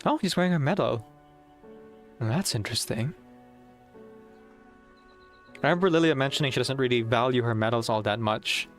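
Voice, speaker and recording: A man chatting casually while playing through a game story, excitable and rambling with frequent giggles. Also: medium pitch, quick pace, faint music behind. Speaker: game streamer. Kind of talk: casual gameplay commentary.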